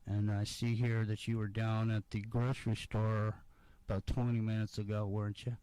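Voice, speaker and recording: A man's voice: lowish voice, flat delivery, moderate pace, dark tone, clear, resonant tone, no echo, lightly acted, poor audio. A man voicing a pushy male contact tracer at the door, mock-friendly and nosy.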